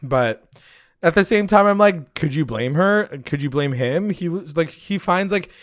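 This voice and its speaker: A man's voice: a little high, animated, measured pace, dry recording, studio quality. A young man co-hosting a podcast, recapping a TV episode in casual chat, swearing often and acting out the characters' lines. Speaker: podcast co-host.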